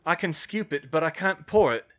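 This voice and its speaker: A man voicing a steady adult curse breaker who explains things calmly and protectively in an audiobook. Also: a little high, normal speed, dull audio, voice pushed up. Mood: reporting. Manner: level-headed, explaining. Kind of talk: audiobook character voice.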